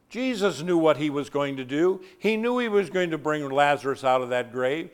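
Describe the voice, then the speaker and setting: A man preaching a sermon, swinging from loud, emphatic declarations to soft, hushed passages and stretching key words slowly for emphasis. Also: on the high side, animated, smooth. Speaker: pastor.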